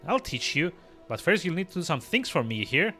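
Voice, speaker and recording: Man doing a sly cackling old midwife woman, raised pitch, old-timey dialect, gruff and teasing, game dialogue read aloud. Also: very animated, fairly quick, pushed and bright, soft background music.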